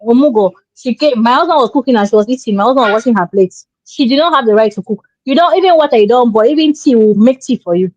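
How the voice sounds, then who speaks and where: A woman's voice: on the high side, animated, fast talker, few pauses, darkish tone, no room sound. A woman, co-hosting a relationship show and giving emphatic, preachy advice. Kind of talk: opinionated advice talk. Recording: dull lo-fi sound.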